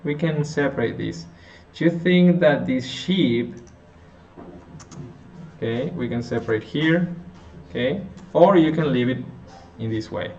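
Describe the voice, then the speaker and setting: Slow, halting male phonetics teacher. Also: medium pitch, lively intonation, a little mellow, dull audio. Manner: slow, halting, with frequent restarts and self-corrections. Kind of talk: phonetics lesson explanation.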